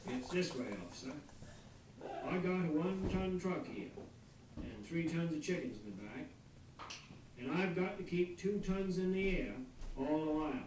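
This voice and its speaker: An actor playing a stubborn, dry-witted country trucker, on an old comedy record. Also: male voice, fairly high pitch, lively intonation, moderate pace, pauses often, natural voice. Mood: explaining. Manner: dry, laconic country talk. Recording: echoey old record, hiss, distant.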